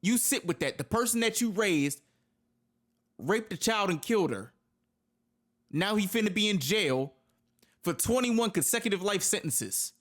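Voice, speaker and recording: A man's voice: high voice, lively intonation, a little slow, pauses often, fairly bright tone. A man hosting a reaction video, reacting in casual, profane, exasperated outbursts.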